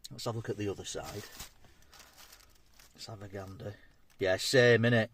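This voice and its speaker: A man's voice: fairly low pitch, fairly even intonation, normal speed, a bit bright, a little hiss or hum. Chatty man reviewing food. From England. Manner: chatty, matey, talks between bites. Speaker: food vlogger. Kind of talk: casual food review vlog.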